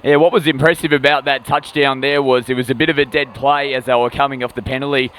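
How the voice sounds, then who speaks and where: A man giving calm, analytical color commentary at a live sports match. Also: medium pitch. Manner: measured, analytical breakdown of plays. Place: outdoor sports venue.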